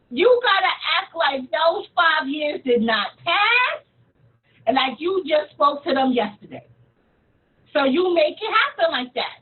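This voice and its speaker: A woman coaching listeners on calling old contacts, animated, acting out phone calls. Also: high-pitched, measured pace. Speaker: network marketing trainer. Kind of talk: coaching talk on phone outreach. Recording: tinny phone-like audio.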